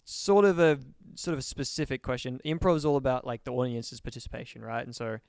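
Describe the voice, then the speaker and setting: A young man, a student, asks a comedian questions in a relaxed, chatty way with plenty of fillers. His voice is clear and mid-range. The recording is dry and close. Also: medium pitch, quick pace, no room sound. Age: young adult. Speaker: student interviewer. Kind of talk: casual interview.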